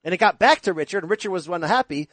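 A man's voice: high-pitched, lively intonation, quick pace, fairly bright tone, dry recording. A man hosting a boxing podcast, telling a story with eager enthusiasm. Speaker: podcast host. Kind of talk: casual chat.

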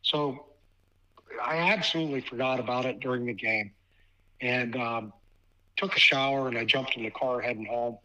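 A man in his fifties from Ohio tells a personal story on a podcast. His voice is bright and forward, and he talks in a halting way, repeating words as he goes. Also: mid-range voice, fairly even intonation, poor audio. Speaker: podcast guest, basketball official and assigner. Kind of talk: casual storytelling interview.

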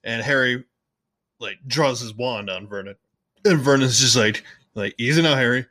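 His voice is bright, forward, mid-range, and a little slow as he casually walks through a movie recap on his podcast. He rambles and chats, restarts and corrects himself, and playfully slips into characters' lines at times. The recording is close and dry, without room sound.

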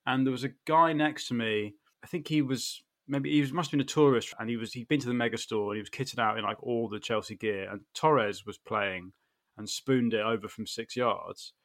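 A man's voice: medium pitch, fairly quick, a bit bright. A man from England talks as a podcast guest, wry and self-deprecating. His voice sits mid-range, and he laughs easily as he rambles through his memories. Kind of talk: casual chat.

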